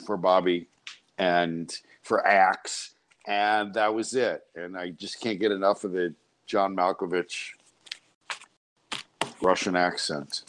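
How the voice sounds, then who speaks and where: A man's voice: low voice, steady tone, slow, fairly bright tone. A man hosting a radio talk show from a studio, speaking in chatty, digressive banter. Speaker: radio host.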